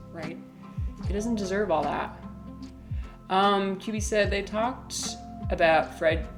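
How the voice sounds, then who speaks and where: Woman streamer, casual livestream chat, lower voice, giggly and rambling, music bed underneath.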